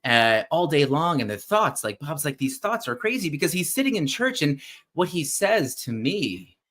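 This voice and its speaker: A man's voice: fairly high pitch, normal speed. Host-type man, chatty storyteller, keeps asking "right?", thinks aloud with fillers and restarts. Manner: animated, keeps checking in with listeners with "right?". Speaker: podcast host. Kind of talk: casual retelling of a classic story.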